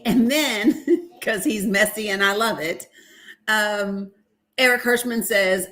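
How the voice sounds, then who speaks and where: With a mid-range voice and a slow pace, a woman hosts a laid-back livestream where she reads out a deposition. She laughs, swears openly, and keeps turning to viewers as y'all in an animated way.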